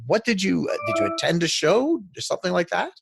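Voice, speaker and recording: A podcast host asking halting questions and laughing often. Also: medium pitch, very animated, gravelly, a little hiss or hum. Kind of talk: podcast interview.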